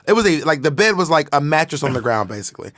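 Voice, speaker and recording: Dry-sounding, quick-joking male podcast host. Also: fairly high pitch, big pitch swings, a bit bright, no echo. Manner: camp, joking, fast storytelling. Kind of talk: casual chat.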